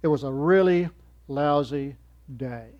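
Male preacher, slightly high voice, punches key words then drops to near-whisper endings; muffled lo-fi recording. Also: a little slow. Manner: swings from loud emphatic rises to soft trailing drops. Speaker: church speaker. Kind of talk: sermon.

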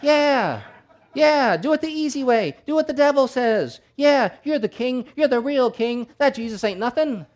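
A man's voice: extremely high pitch, animated, normal speed, voice pushed up. A male preacher voicing a sly inner voice of temptation that coaxes the listener toward the easy way. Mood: coaxing. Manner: coaxing, wheedling.

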